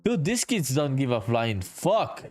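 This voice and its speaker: His medium-pitched voice swings widely in pitch, moving a little slowly with a slightly mellow quality, while faint music plays. This laid-back streamer works on his indie game, reads chat out loud, swears freely, and calls everyone "dude."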